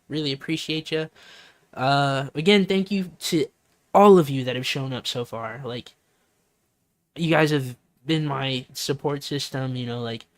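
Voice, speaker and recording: A man's voice: fairly high pitch, no room sound. A man streaming, talking in a rambling, sincere way, full of "like" and "you know" and repeated phrases. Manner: sincere and open. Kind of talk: casual heartfelt stream talk.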